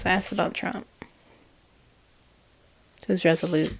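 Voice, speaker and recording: A woman tarot reader relaying channeled messages, slow and hesitant, with frequent ums and self-corrections. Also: fairly low pitch, steady tone, gravelly, a little hiss or hum.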